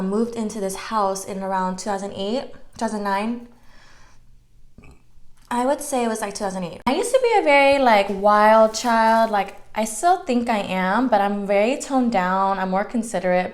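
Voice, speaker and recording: A woman in her twenties chatting casually while eating, telling a story with many "like" fillers and sometimes dropping to a soft whisper. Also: medium pitch. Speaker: mukbang vlogger.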